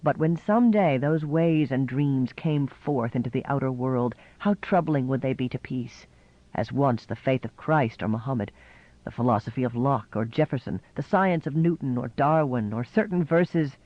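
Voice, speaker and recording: A man reading a novel aloud in measured, scripted narration. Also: mid-range voice, dull audio. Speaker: audiobook narrator.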